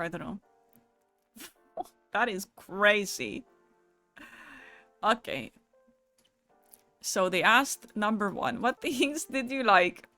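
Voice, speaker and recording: A woman's voice: medium pitch, pushed and bright. A young woman streamer chatting casually and reading viewer messages aloud, swearing freely in a loose, joking way. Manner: casual, profane, quick to laugh.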